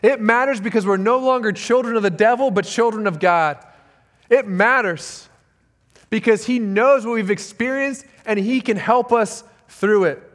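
A male pastor with a noticeably high voice delivers a sermon. He speaks earnestly and with emphasis, leaning on repeated phrases to drive each point home. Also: normal speed, a bit bright.

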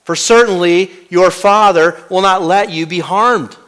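Preacher voicing a sly, taunting devil, high-ish voice, slow and deliberate. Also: male voice, a bit bright, long reverb tail. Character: Satan tempting, sly challenging male tempter.

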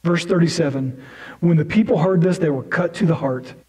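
Man preaching a sermon, conversational, fairly high voice, mellow dark tone. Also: fairly quick, poor audio. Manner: conversational preaching with asides and restarts. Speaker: pastor.

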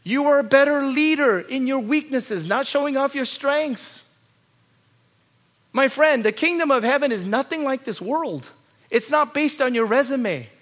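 A man preaching a sermon as pastor, moving from quiet low asides to loud, urgent pleading and repeated rhetorical lists. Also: lively intonation, a little slow.

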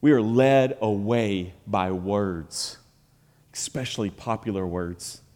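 A man preaching a sermon, moving between loud, emphatic passages and quiet, low asides. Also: slow pace, long reverb tail. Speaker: pastor. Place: church sanctuary.

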